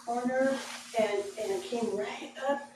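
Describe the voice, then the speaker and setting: A woman storyteller telling a personal tale to a live audience, slow and dramatic with frequent chuckles. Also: on the high side. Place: library event room with live audience. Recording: echoey hall, distant mic, background noise.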